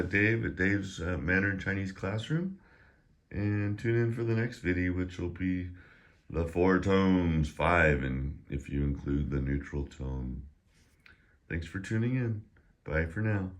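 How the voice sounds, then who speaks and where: A middle-aged man teaching a casual online Chinese lesson, chatty and joking, who drills syllables louder and higher while his voice gets tired. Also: unhurried. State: voice getting tired.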